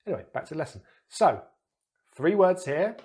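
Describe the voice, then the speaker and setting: A man's voice: a little high, sing-song, moderate pace, a little mellow. British male teacher, patient, demonstrative, breaks words into single sounds. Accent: British English. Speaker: English pronunciation teacher. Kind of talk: explaining pronunciation to camera.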